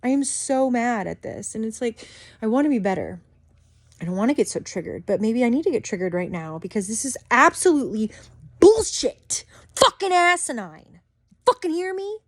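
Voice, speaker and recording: A woman in a heated, swearing rant to camera as a vlogger, swinging between loud outbursts and muttered asides. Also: a little high, expressive, brisk, dry recording, clean studio sound.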